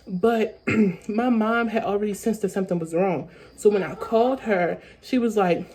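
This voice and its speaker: A woman's voice: mid-range voice, normal speed, a little mellow, slightly rough. Rambling young woman telling a story. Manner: rambling, repeats words, many fillers. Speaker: vlogger. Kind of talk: story time vlog.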